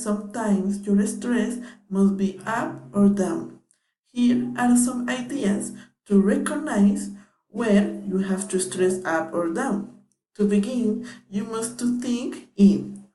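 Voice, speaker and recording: A young woman whose first language is Spanish narrates a lesson from a script, each word set down carefully. Her voice is soft and mellow, and her pace is unhurried. The room around her rings with echo. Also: mid-range voice. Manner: careful, read-aloud delivery. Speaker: student teacher presenting a lesson. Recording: echoey room.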